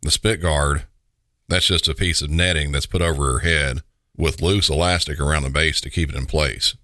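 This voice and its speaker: A man's voice: a bass voice, steady tone, moderate pace, bright, forceful tone, no room sound, clean studio sound. A man with a Southern US accent, hosting a podcast and telling the story in a wry, conversational way. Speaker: podcast host. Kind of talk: scripted narration.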